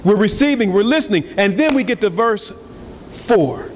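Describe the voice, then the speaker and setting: A man preaching a sermon as pastor, energetic and swinging between loud and soft. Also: high voice, moderate pace, a little hiss or hum. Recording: hall reverb with faint ambience.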